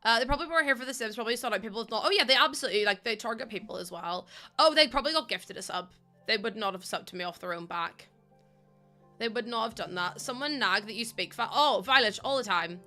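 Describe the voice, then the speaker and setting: A young woman streaming a game, chatting quickly with her viewers while feeling a bit run down. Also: on the high side, animated, pushed and bright, soft background music. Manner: fast-talking, chatty. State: under the weather, a bit run down. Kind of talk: casual live-stream chat while playing a game.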